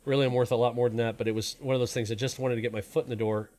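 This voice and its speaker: A man's voice: medium pitch, little pitch movement, racing, darkish tone. A man in his forties, born in Canada and raised in the US, hosting a live stream in a rambling, self-deprecating, casual way. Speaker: stream host.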